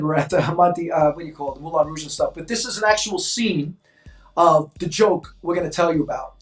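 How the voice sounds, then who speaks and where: A man in his sixties from New York, a co-host telling stories in an animated way and acting out voices in casual chat. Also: high voice. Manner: animated, acts out quoted voices. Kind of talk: casual storytelling. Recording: echoey room, mic at a distance.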